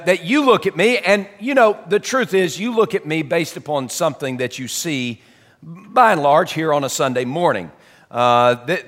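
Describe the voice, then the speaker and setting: Preaching in a church sanctuary, a male pastor with a fairly high, fairly bright voice keeps his sermon folksy and chatty, dropping in self-deprecating asides. Long hall reverb hangs on the sound.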